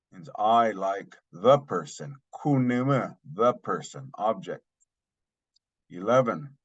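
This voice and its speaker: A man gives a steady language lesson, saying every phrase twice before he explains it. His voice sits fairly low and he moves very slowly. The recording sounds muffled and lo-fi. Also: husky. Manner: careful, repeats each phrase slowly then explains it. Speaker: language teacher. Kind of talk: slow spoken language lesson. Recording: dull lo-fi sound.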